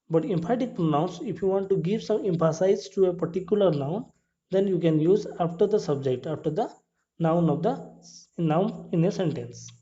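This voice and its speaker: A man teaches English grammar rules, going step by step, repeating each point and checking with "clear?" whether his listeners follow. He speaks non-native English with small grammar slips, in a slightly high, mellow voice captured on a dull lo-fi recording.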